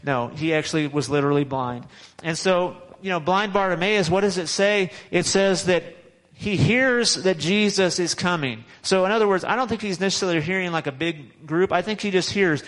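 A man's voice: sits high, normal speed, fairly bright tone, rough recording. A man preaching a sermon in a conversational, repetitive way, with frequent restarts and chuckles. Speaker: pastor.

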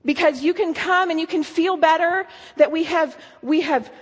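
A woman's voice: very high voice, moderate pace. A woman giving an earnest sermon, telling a story and asking emphatic questions. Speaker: speaker. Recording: long hall reverb.

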